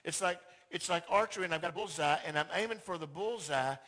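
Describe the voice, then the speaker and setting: A man preaching with a high, bright voice that cuts through. He speaks emphatically and directly to his congregation. He often slips into short acted-out dialogues to drive his points home. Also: fast talker. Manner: emphatic, acts out quoted dialogue in skits. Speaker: pastor. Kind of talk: sermon.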